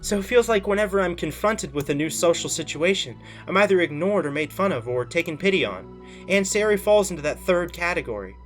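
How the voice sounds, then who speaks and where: A man's voice: sits high, expressive, a little fast, a bit bright, faint music behind. A man reading the lines of a shy, awkward teenage girl aloud from a visual novel, in a plain voice with restarts. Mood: hesitant.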